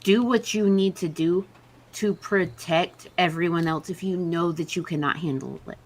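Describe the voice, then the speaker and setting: A woman with a lowish voice hosts a podcast in casual chat. She speaks openly and earnestly, with plenty of ums as she builds her point. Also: normal speed. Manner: earnest, outspoken. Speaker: podcast host.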